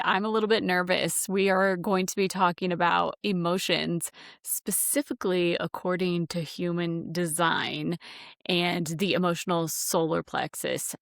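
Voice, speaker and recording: A woman co-hosting a casual podcast, her low voice carrying a gravelly fry. She chats freely and laughs between phrases, and the sound is dry and close with no room to it. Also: no echo. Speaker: podcast co-host.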